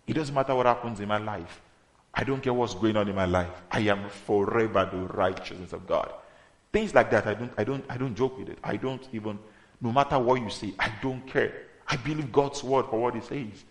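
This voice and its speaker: A man's voice: lowish voice, a little fast. Emphatic male preacher, echoey room. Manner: emphatic, rising to loud exhortation. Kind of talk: sermon.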